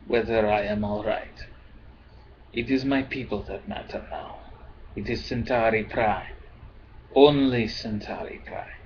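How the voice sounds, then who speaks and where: Man voicing a bitter alien emperor, put-on foreign accent, loud, contemptuous, low voice, lo-fi recording. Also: steady tone, unhurried, pauses often, a little hiss or hum, natural voice. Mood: despairing.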